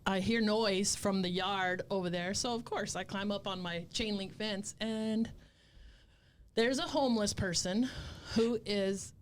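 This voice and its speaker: Cop guest, woman, mid-pitch, blunt and profane, laughs through her stories. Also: a little slow, slight background noise. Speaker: police officer, guest. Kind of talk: candid conversational storytelling.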